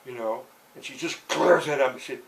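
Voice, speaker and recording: A man's voice: mid-range voice, a little fast, creaky, recorded from a distance, rough recording. A man telling a rambling story in casual speech, filling it with "you know" and restarts. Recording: voice set back from the mic, faint background hiss.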